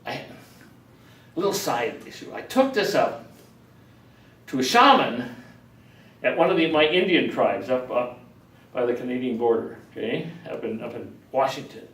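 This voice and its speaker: An older man telling a personal story in a rambling, animated way, acting out the voices of people he quotes. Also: medium pitch, normal speed, pauses often. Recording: roomy, distant mic.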